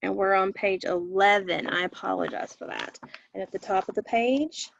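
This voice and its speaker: A woman's voice: mid-range voice, moderate pace, vocal fry, dull audio, slight background noise. A woman teacher leading a recorded phonics lesson for children, patiently repeating each word for them to echo.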